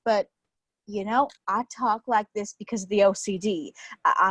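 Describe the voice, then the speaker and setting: An anxious, stammering young man talks in a folksy put-on Texan drawl, read by a woman. The voice sits a little high and is recorded dry and close. It is a live play reading. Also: fairly bright tone, dry recording. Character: nervous young man with OCD, cowboy twang.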